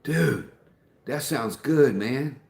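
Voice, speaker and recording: A man's voice: medium pitch, lively intonation, extremely slow, vocal fry, a little mellow, roomy sound. A man hosting a casual livestream, chatting folksily and reading out viewer comments, calling everyone man or dude. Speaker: livestream host.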